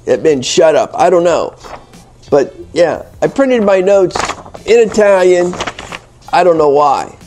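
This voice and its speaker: An American English teacher runs a casual spoken lesson on his channel, rambling, teasing viewers playfully, and full of fillers and restarts. His voice sits high with a darkish, expressive tone, unhurried and broken by long pauses, while faint music plays behind him.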